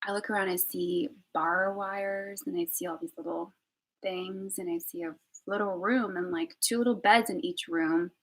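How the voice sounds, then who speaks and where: A young woman telling a personal story on a live stream, candid and emotional, swinging between loud outbursts and hushed whispers. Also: lowish voice, fairly even intonation, moderate pace, low-quality recording. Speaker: vlogger.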